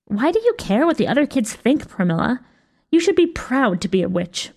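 Scornful, bossy child witch, a bit high, read by a woman. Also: sing-song, moderate pace, a little mellow, breathy edge, exaggerated voice.

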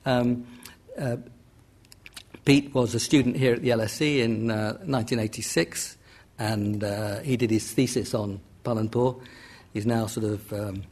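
A man's voice: mid-range voice, gravelly, slightly rough. An older man giving an academic economics lecture over slides, rambling and hesitant, with many fillers and self-corrections.

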